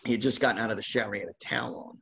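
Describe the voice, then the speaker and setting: Animated man telling a story. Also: fairly low pitch, rapid-fire. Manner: animated, laughing anecdote teller. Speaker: host opening baseball card packs. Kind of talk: casual storytelling.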